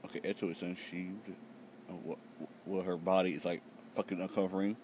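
Young male vlogger, deep-voiced, tired, casual and profane, reacting live over faint background noise. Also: fairly quick. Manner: profane, excitable, reads panels aloud. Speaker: manga reaction channel host.

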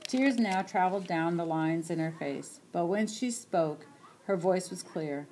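Low-voiced woman narrating a story. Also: measured pace, dark tone. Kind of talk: audiobook short story reading.

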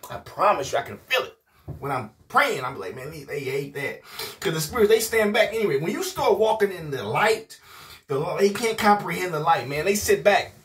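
A man preaching, rowdy and emphatic in an informal video sermon. His voice sits a little high for a man. He keeps coming back to "man" and to promises that he means it. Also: very animated, fairly quick, fairly bright tone.

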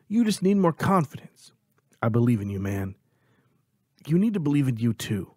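An earnest young martial arts teacher, as a male narrator puts him on, speaking formally and without contractions at a middling pitch. The reading is dry and close, with no room sound. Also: very animated, moderate pace, a little mellow, breathy edge, dry recording. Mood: encouraging.

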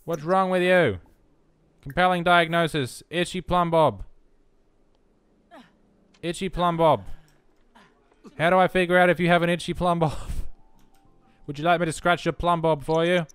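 A man's voice: on the high side, fairly even intonation, a little slow, pauses often, a bit bright, clear, resonant tone, no echo. A young man giving casual, self-mocking let's-play commentary, chatting to the game as he plays. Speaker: gaming video host.

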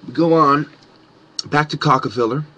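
A man delivers a furious monologue, full of swearing and mock-innocent sarcasm. His voice sits a touch high and sounds husky and rough-edged, as he swings between taunting and shouting at his target. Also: moderate pace. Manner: profane, sarcastic, mocking. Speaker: conspiracy commentator. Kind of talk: angry ranting monologue.

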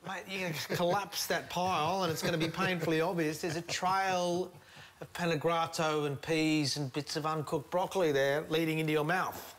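A playful man with a fairly high voice teases his mates. Faint background noise sits under the live stream. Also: fairly even intonation, moderate pace, a bit bright. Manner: teasing, playful. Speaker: celebrity guest. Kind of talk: casual banter.

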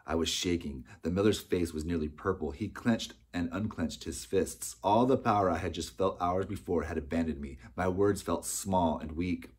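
A man narrating an audiobook in a steady storytelling manner. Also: low voice, normal speed, few pauses, husky. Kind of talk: scripted narration.

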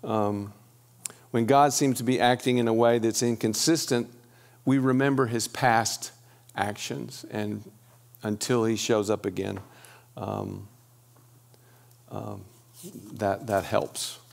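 Middle-aged male church teacher; gravelly, conversational delivery with frequent pauses. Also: on the low side, steady tone. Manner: conversational, pauses with fillers and restarts.

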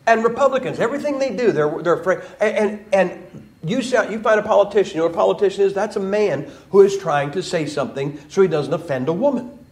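A man's voice: high voice, quick pace, darkish tone. A man preaching in a church, joking and emphatic, with mocking quoted voices. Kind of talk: sermon.

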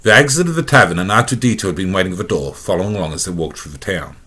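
Australian man, storybook narrator, steady reading, low husky voice, forceful tone. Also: rapid-fire.

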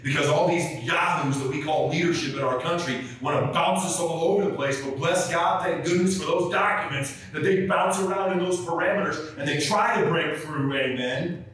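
A man preaches with fervent, folksy energy, his high voice ringing through a large sanctuary. He is picked up from well away from the mic, and the hall's echo is heavy. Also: normal speed. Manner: animated, folksy, fervent preaching with many fillers. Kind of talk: sermon. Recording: very echoey church from far off.

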